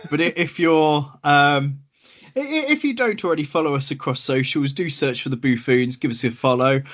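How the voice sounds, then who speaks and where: A man's voice: fairly high pitch, animated, moderate pace, a bit bright. A man co-hosting a podcast, chatting in an upbeat way, often laughing and repeating words. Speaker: podcast co-host. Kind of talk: casual podcast chat.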